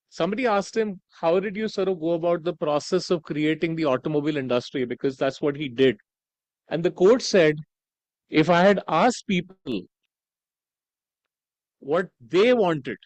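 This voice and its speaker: A man's voice: fairly high pitch, moderate pace, darkish tone, dry recording, low-quality recording. A man giving a conference keynote, conversational, with frequent "right?" tags and "uh" fillers. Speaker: conference speaker. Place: conference hall.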